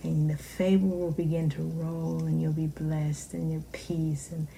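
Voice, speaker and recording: A middle-aged woman minister preaching a sermon with fervor, swinging from loud exclamations to hushed whispers. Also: sits low, flat delivery, measured pace, creaky, slight background noise.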